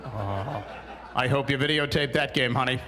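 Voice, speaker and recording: A man's voice: medium pitch, normal speed, sharp tone. A man in his forties doing a stand-up comedy routine on a small studio stage, telling dry, exasperated stories with punchlines.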